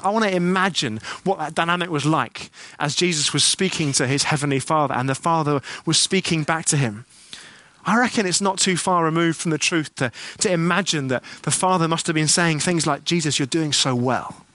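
A man's voice: fairly high pitch, fairly quick, fairly bright tone, dry recording. A middle-aged man preaching a sermon in church, earnest and conversational, asking his listeners rhetorical questions.

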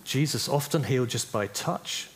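A man's voice: mid-range voice, normal speed, slight background noise. A man teaching a church group how to pray for healing, speaking conversationally and often checking in with "yeah?". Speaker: preacher teaching on healing prayer.

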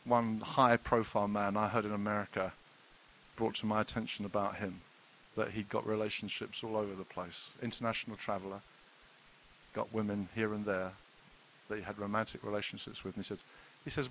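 A middle-aged man preaching a sermon, telling stories with sudden loud exclamations and hushed, earnest passages. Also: on the low side, fairly even intonation, a little fast, poor audio. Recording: faint hiss.

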